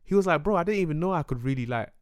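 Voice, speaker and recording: A man's voice: on the high side, rapid-fire, smooth, no echo, studio quality. A young man from Ghana, a guest artist animatedly telling stories in a casual interview. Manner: animated storytelling, acts out quoted exchanges.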